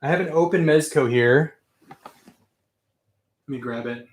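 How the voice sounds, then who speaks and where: A husky, fairly high male voice moves at a measured pace as a young adult host of a toy collecting channel chats on his livestream. Reading viewer comments, he rambles along with plenty of enthusiasm.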